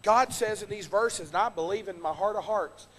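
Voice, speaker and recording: A male pastor with a high voice delivers an impassioned sermon at a moderate pace, swinging between loud and hushed. The recording carries the long reverb of a church hall in the sanctuary.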